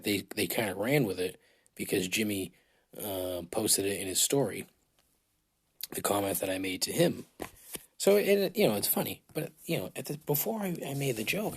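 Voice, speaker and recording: A man's voice: fairly low pitch, husky. A man hosting a casual solo podcast, rambling and swearing with self-mocking humor, his throat dry, recorded on a phone in a large hotel room. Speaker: podcast host.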